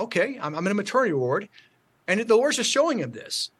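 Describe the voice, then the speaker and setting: A man telling a church testimony story on a call, halting, with many fillers and restarts. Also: sits high, lively intonation, fairly bright tone. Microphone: call audio.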